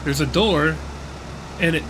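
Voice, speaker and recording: A man's voice: a little high, a little slow, background noise. A middle-aged American man hosting a livestream, ranting and swearing at his chat in casual, laughing banter. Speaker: livestream host.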